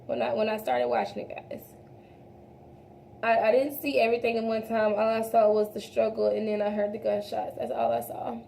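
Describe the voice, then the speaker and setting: A woman's voice: medium pitch, sing-song, a little fast, gravelly, dark tone, slight background noise. A young woman chatting casually while doing her makeup, talking straight to her viewers as y'all and trailing off into restarts. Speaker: beauty vlogger. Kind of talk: casual makeup tutorial chat.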